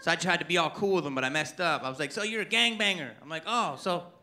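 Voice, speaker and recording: A man performing a stand-up comedy set on stage, animated and putting on voices for his characters. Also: fairly high pitch, fast. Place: comedy club stage with audience. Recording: live stage mic with loud crowd noise.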